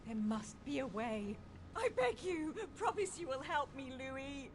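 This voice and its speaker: A woman's voice: high-pitched, very animated, unhurried, noisy background. An actress voicing a desperate, vengeful young woman's ghost in a video game, pleading and spiteful by turns.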